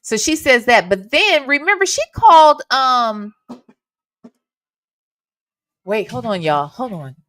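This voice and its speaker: A woman's voice: on the high side, very animated, moderate pace, a bit bright. A woman hosting a casual livestream from home, chatting with her viewers and swearing casually into a desk microphone. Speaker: reaction channel host.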